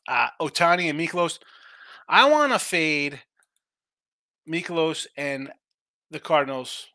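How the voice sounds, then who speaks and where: A man with a bright, slightly raised voice hosts a live betting stream, musing over each game in a loose, conversational way. He often starts a thought, breaks off, and asks himself questions before answering them. The sound is dry and close, with no room around it. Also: on the high side, no echo. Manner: thinks aloud, restarts, answers own questions. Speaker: sports betting show host.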